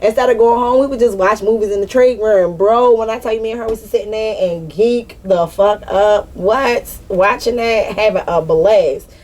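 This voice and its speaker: A woman's voice: medium pitch, normal speed, few pauses, a little mellow. A woman giving a casual spiritual reading to her viewers, candid and slangy, with frequent swearing. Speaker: spiritual reader.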